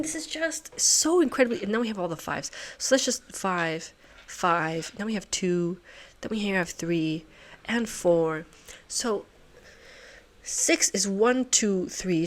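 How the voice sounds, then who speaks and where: A woman hosting a puzzle channel, talking to herself as she solves, muttering, swearing and laughing at herself. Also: mid-range voice.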